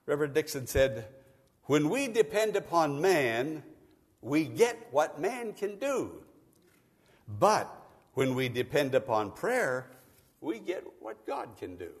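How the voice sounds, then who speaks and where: Animated preacher in an echoey hall. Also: male voice, fairly high pitch, husky. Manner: preaching with rising bursts of emphasis. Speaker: pastor. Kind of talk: sermon. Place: church.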